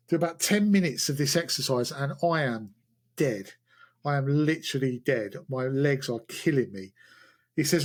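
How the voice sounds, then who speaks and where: A man hosting a podcast, telling a self-mocking story in a casual, animated way. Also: medium pitch, moderate pace. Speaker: podcast host. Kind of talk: casual chat.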